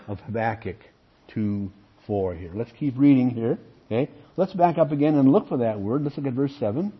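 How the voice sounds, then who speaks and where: A man's voice: medium pitch, husky. A man teaching through Bible passages, reading verses aloud with emphasis and asking rhetorical questions. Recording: muffled lo-fi recording.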